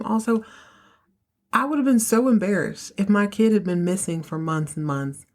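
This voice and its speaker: A woman hosting a podcast, recapping a TV episode in a casual, animated, opinionated way with lots of slang. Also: fairly low pitch. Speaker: podcast host.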